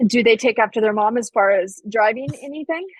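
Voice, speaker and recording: A woman's voice: fairly high pitch, a little fast, slightly rough, no room sound, low-quality recording. A woman co-hosting a fitness podcast in a casual chat, teasing and asking pointed questions. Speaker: podcast co-host.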